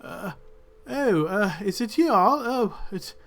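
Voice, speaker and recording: A man voicing a dazed, wretched male prisoner who speaks in hesitant, halting, confused bursts. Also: sits high, animated, pitched above the performer's own voice, heavily acted. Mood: bewildered.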